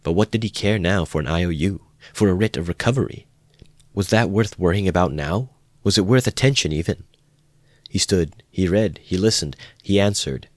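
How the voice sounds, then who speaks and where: A man narrating a classic novel in a measured amateur audiobook reading. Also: deep voice, no room sound, studio quality.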